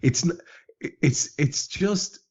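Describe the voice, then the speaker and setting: A man's voice: fairly high pitch, expressive, takes it slowly, darkish tone, slightly rough. A man hosting a podcast in casual chat, enthusiastic and stumbling over repeated restarts. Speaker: podcast host. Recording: dull lo-fi podcast audio.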